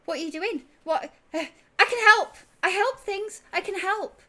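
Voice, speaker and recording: Woman voicing small excitable male creature, high squeaky, breathless, eager. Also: quick pace. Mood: excited. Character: excitable little male creature with wide eyes.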